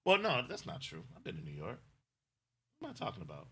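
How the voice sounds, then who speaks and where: A man's voice: low voice, huge pitch swings, fast talker, a bit bright, breathy edge. A middle-aged man co-hosting a casual livestream, talking in a rambling, effusive way and thanking viewers emotionally. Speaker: livestream co-host.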